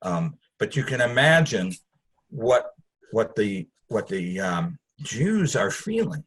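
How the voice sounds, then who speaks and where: A man's voice: on the low side, big pitch swings, takes it slowly, fairly bright tone, husky. A man teaching a Bible study, conversational and digressive, with asides to his listeners.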